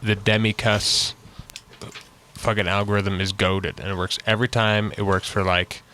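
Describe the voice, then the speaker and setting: A man's voice: on the low side, little pitch movement, normal speed, sharp tone, a little hiss or hum. A man co-hosting a music production podcast, talking in an easygoing, slangy way. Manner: easygoing, slangy, many fillers and restarts. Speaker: podcast co-host. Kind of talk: casual chat.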